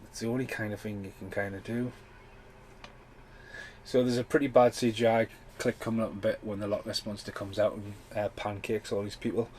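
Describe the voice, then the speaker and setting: A man talks over a film in a relaxed commentary podcast, wandering from thought to thought and swearing freely. His voice sits low, with a faint hiss of background noise under it. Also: brisk, low-quality recording. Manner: rambling, sweary, loose chatty delivery. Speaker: podcast host.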